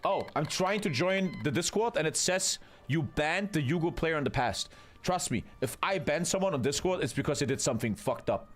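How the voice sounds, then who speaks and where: Animated, chatty man streaming a game. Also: a little high, normal speed, soft background music. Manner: chatty, swears freely, talks to chat. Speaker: streamer and caster of a multiplayer strategy game. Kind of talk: casual live-stream commentary.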